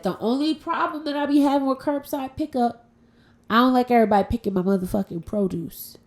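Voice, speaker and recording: A woman's voice: on the high side, a little fast, darkish tone. A woman hosting a casual solo podcast from home, talking in a frank, profane and playful way. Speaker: podcast host.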